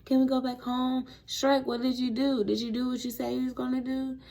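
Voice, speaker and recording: A woman voicing a group of worried fairy-tale creatures who fire off anxious, rapid questions. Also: sits high, level tone, vocal fry, warm tone, pitched above the performer's own voice.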